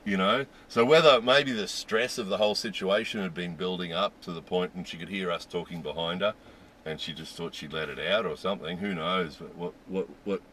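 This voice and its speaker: Lively man telling a story, bright voice. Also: sits low, brisk, slight background noise. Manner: animated, laughing, restarts when excited. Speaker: vlogger. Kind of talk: casual storytelling.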